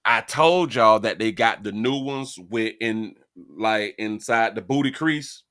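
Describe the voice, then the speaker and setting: A man hosting a live stream, ranting animatedly with frequent laughs, repeated words and loud high outbursts. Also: slow pace. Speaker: live-stream show host. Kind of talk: live-stream commentary rant.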